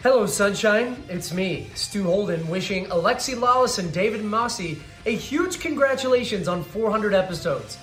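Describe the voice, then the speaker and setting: A man's voice: high-pitched, expressive, normal speed, hardly any pauses, a bit bright. A man giving a playful congratulations greeting in a recorded video message, ticking points off like a list. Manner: playful, list-style delivery. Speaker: well-wisher in a video message. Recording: roomy self-recorded video with faint music.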